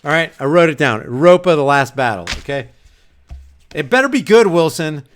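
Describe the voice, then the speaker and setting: A man hosting his channel, ranting in a casual livestream, rambling and animated with frequent restarts. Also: a little high, moderate pace, soft background music. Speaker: channel host.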